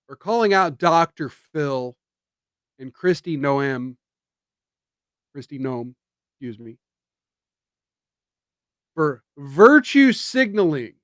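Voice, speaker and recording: A man's voice: on the high side, animated, slow, pauses often, fairly bright tone, dry recording, clean studio sound. A man streaming political commentary, sarcastic and emphatic, with indignant rhetorical jabs.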